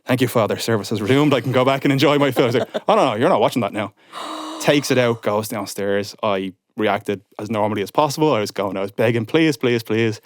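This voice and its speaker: A man's voice: mid-range voice, quick pace, no echo, clean studio sound. A man, a podcast guest in his thirties, telling a story and acting out what people said. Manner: animated storyteller, acts out quotes. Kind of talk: casual podcast chat.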